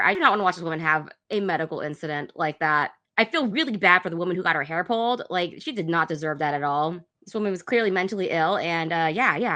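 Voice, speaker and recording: Blunt woman with a bright, low voice. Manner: blunt, sarcastic. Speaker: reaction video host. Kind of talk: commentary on video clips.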